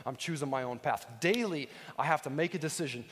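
A man's voice: fairly high pitch, a little fast, fairly bright tone, big-room sound. A man preaching a sermon as a pastor, earnest and conversational, often putting direct questions to the congregation.

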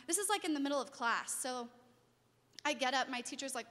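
High-voiced woman telling her story in a reverberant hall. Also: brisk. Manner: animated storytelling, acts out quoted voices, laughs. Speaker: speaker sharing a testimony. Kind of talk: personal testimony talk.

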